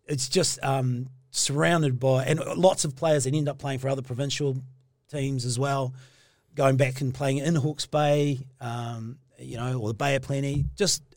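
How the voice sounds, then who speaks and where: A man's voice: mid-range voice, steady tone, a little mellow, dry recording, clean studio sound. Rambling New man, ex-rugby player. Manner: rambling, halting, lots of fillers and restarts. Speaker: former rugby player, guest. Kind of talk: casual interview storytelling.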